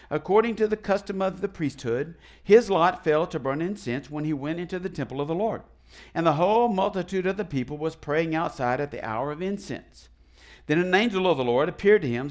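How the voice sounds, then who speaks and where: A man preaching a sermon as pastor, animated and folksy, asking the congregation questions and leading call and response. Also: on the high side. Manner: folksy, retells the story in his own casual words.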